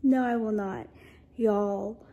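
A woman's voice: mid-range voice, steady tone, takes it slowly, dark tone, slightly rough, dull audio. A tired young woman chatting casually to her vlog camera at home, sleepy and self-deprecating. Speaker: vlogger.

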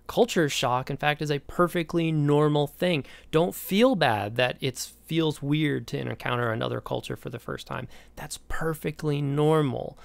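An American man giving a recorded lecture, telling a story from his own life in an animated way. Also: fairly high pitch, a little slow, creaky, hardly any pauses, dry recording. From United States. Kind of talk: recorded lecture with a personal anecdote.

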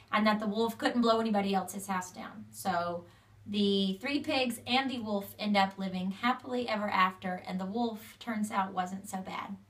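A woman's voice: medium pitch, a bit bright, distant mic. A young woman casually retelling a fairy tale, chatty, linking sentences with "so" and "you know". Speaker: storyteller.

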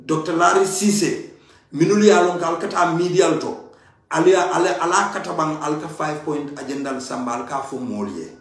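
Impassioned man in an echoey room. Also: a little high. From Gambia. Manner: emphatic, pleading, repeats key phrases. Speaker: party supporter giving political commentary. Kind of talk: impassioned political monologue.

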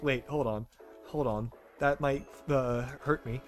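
A young man commentating a game on a live stream, excitable, swearing, laughing and shouting at what happens. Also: on the high side, unhurried, over loud music.

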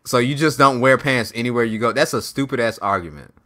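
A man in his thirties on a livestream panel, trading loud, profane, combative banter over a video call. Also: medium pitch, a little fast. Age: 30s. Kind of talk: heated casual banter.

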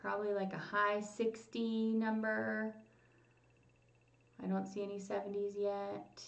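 A woman's voice: medium pitch, flat delivery, measured pace, creaky, recorded from a distance. A woman hosting a casual livestream, chatting with viewers and reading their comments aloud. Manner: chatty, reads comments aloud, hums while waiting. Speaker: livestream host. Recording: lo-fi roomy home stream audio.

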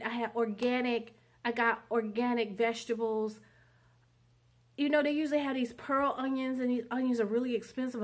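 A woman vlogger telling a long story in a rambling, chatty monologue. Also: fairly high pitch. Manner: chatty, rambling, many fillers.

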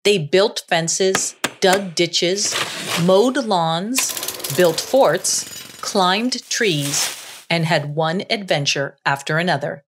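A woman narrating a children's story in a slow, expressive reading voice. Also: fairly low pitch, noisy background.

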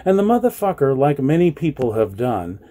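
A man ranting in a personal vlog, agitated and swearing often, at times raising his voice to a shout. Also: mid-range voice, sing-song, fairly quick. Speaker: vlogger. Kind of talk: angry personal vlog rant.

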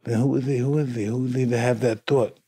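A man's voice: medium pitch, steady tone, fast talker, warm tone, slightly rough, no echo. A man chatting casually as a podcast guest. He is earnest and asks a lot of questions. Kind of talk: casual chat.

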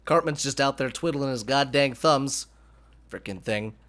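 A man giving excitable let's play commentary, swearing casually and talking to the animals in the game, his voice cracking. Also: mid-range voice, normal speed. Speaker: gaming YouTuber.

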